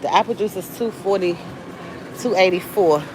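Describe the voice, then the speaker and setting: A woman's voice: lowish voice, normal speed. A woman from the Southern US with a Southern accent, chatting casually to livestream viewers while shopping and breaking into sudden exclamations. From Southern United States. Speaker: livestream host. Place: grocery store. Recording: noisy store ambience.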